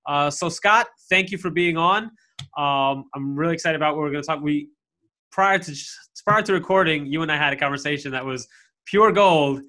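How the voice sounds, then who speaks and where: A man's voice: on the high side, moderate pace, pushed and bright. A man hosting a podcast, chatty and upbeat, with frequent fillers and restarts. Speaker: podcast host. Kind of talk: casual podcast interview.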